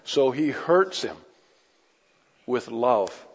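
A man's voice: mid-range voice, big pitch swings, drawn-out words, slightly rough. A man preaching a sermon with passion, pressing his listeners with rhetorical questions. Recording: echoey hall, dull lo-fi sound.

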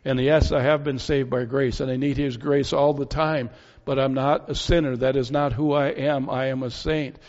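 A man's voice: medium pitch, little pitch movement, moderate pace, a little mellow. A man preaching an expository sermon, earnest and reasoning, full of rhetorical questions. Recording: dull lo-fi sound with long hall reverb.

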